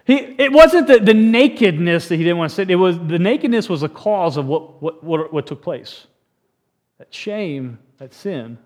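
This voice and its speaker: A male pastor preaching in a church with an animated, joking delivery. He restarts his sentences often as he talks. His voice sits on the higher side for a man. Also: moderate pace. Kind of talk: sermon.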